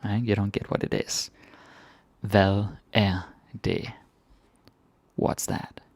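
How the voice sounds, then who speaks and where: A man with a Danish accent teaching phrases in a casual lesson, repeating each phrase slowly before explaining it. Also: on the low side, level tone, gravelly, darkish tone, no room sound. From Denmark. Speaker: language teacher.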